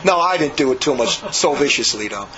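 A man's voice: medium pitch, a little fast, crowd noise. Rambling man telling stories on dull lo-fi audio. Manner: animated, rambling, acts out quotes. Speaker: religious brother telling his story. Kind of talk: conversational storytelling. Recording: dull lo-fi recording.

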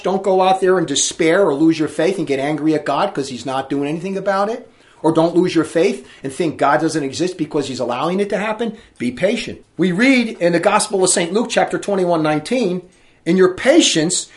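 A man preaching a sermon, reading scripture aloud in a fiery, emphatic way. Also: high voice.

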